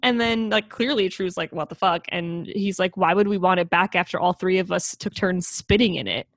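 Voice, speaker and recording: In a dry recording at a moderate pace, a female podcast co-host chats casually while retelling a movie's story. She animatedly performs the characters' dialogue with big leaps in pitch and curses freely.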